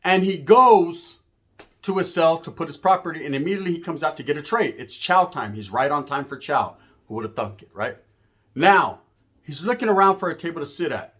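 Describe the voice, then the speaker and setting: A man with a slightly high voice tells a story in casual, streetwise talk. He swears freely, drops slang and keeps checking in with "right?" He slips into the voices of the people he describes. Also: brisk. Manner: profane, animated, acts out the voices of people in his story. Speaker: storyteller guest.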